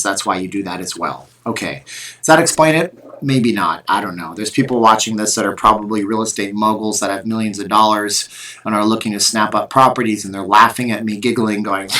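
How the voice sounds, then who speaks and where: A man's voice: fairly low pitch, sharp tone, distant mic. A man hosting a casual live stream from home, reading viewer questions aloud and answering in a rambling, self-deprecating way.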